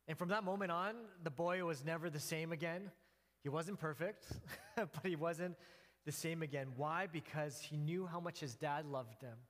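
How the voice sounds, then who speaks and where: An earnest male pastor preaching in a slightly high voice. He tells his story with restarts and the odd soft laugh, and his words ring out with the long reverb of a church hall. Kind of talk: sermon.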